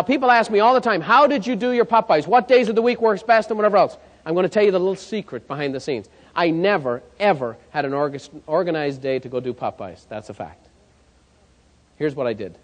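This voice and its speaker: A man presenting a sales coaching seminar, telling stories and checking in with the audience. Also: a little high. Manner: lively storyteller, checks in with the audience. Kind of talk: live seminar talk. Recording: long hall reverb.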